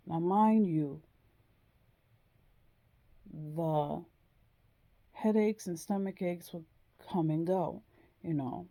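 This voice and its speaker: A woman telling a personal story in a slow, hesitant way, with frequent pauses and ums. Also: lowish voice, dark tone. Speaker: vlogger.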